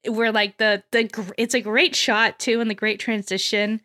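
A woman with a bright, forward voice pitched a little high hosts a casual podcast chat. She talks animatedly, laughs often and slips into quick impressions of characters as she recaps. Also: level tone. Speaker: podcast host.

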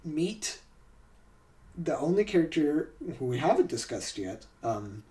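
A man's voice: fairly high pitch, sing-song, measured pace, warm tone, distant mic. A man hosting a podcast in casual chat, laughing often and talking with many fillers and restarts. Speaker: podcast host.

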